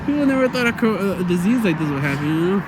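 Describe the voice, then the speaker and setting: A man's voice: high voice, sing-song, fast, noisy background. A Mexican-American man from the States talking outdoors in a loose, chatty vlog monologue, full of "you know" and "man" and swearing. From United States. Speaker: vlogger. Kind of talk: rambling casual monologue.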